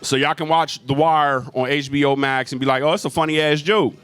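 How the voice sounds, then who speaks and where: A man's voice: on the high side, steady tone, brisk, a bit bright. A man doing a stand-up comedy set in a club, telling a profane story with lots of crowd work.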